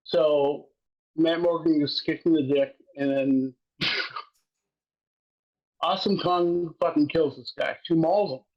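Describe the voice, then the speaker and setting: Brief: man with a higher voice, podcast co-host, swearing and laughing through an animated recap, dull lo-fi audio. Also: slow, long pauses. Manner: profane, excitable storytelling, laughs while recapping. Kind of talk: casual chat.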